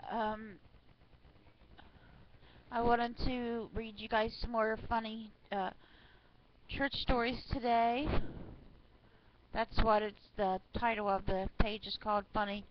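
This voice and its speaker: A woman reads funny church stories aloud in a casual, chatty way, stopping for asides. She speaks at an unhurried pace, and the recording sounds slightly dull with faint noise behind her. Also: a little high, little pitch movement. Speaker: online reader of church stories.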